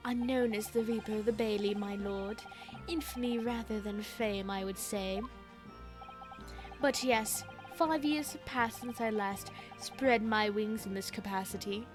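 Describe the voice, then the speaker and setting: A woman's voice: mid-range voice, a little slow, music in the background, voice pushed down, lightly acted. A woman voicing a cold, aloof male prosecutor, speaking in a cool, sardonic way.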